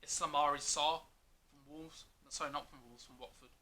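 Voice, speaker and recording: A man talking quickly in a casual football chat, with a very bright, slightly high voice. He keeps pressing questions and points. A faint background hum sits behind him. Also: fairly even intonation.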